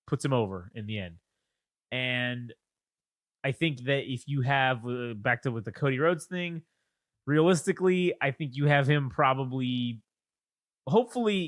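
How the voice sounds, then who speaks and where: Rambling, foul-mouthed podcast co-host. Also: male voice, medium pitch, fairly bright tone, no echo, clean studio sound. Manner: rambling, swears a lot, frequent restarts. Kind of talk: casual chat about wrestling.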